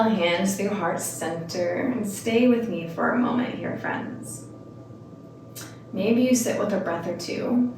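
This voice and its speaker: Calm woman cueing yoga in an echoey room. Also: medium pitch, vocal fry, noisy background. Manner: calm cueing with casual rambling asides. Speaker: yoga instructor. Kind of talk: guided yoga class. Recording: echoey room, mic at a distance.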